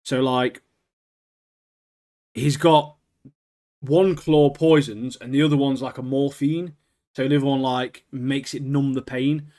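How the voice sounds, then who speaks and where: Brief: man, mid-pitched, loose rambling anime-podcast chat full of "like" and "mate". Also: fairly even intonation, unhurried, long pauses, a little mellow. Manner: rambling, laughs often, lots of "like" and "mate". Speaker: podcast co-host.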